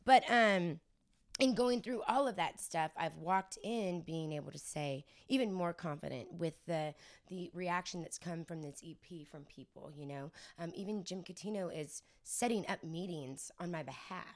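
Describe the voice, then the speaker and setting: A young woman, a singer-songwriter guest on a casual interview podcast, telling her story in an animated way, laughing often and echoing the host's words. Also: fairly low pitch, moderate pace.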